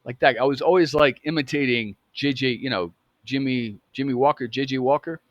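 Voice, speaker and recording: A man's voice: mid-range voice, fairly quick, no echo, muffled recording. A man in his fifties telling a personal story in a casual, rambling way, often correcting himself. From United States. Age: 50s. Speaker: vlogger.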